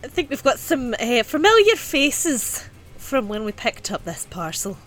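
A woman playing a tabletop game, playful and quick to laugh. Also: on the high side, sing-song, fairly bright tone, faint music behind. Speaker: player. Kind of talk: casual tabletop play.

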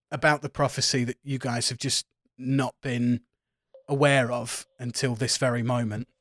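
A man's voice: medium pitch, fairly bright tone, no room sound, studio quality. A man narrating as game master of a tabletop role-playing game, laughing along with his players.

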